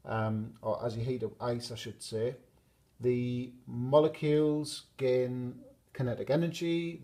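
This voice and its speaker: A man teaching a chemistry lesson at a whiteboard, explaining steadily and pausing to draw graphs. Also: medium pitch, darkish tone.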